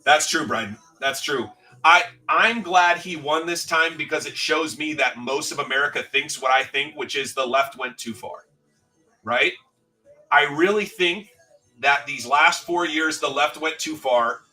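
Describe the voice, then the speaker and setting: A man's voice: a little high, unhurried, pushed and bright. A man hosting a livestream in casual chat, rambling and swearing as he reads out viewers' comments. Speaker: livestream host. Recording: distant mic with faint background music.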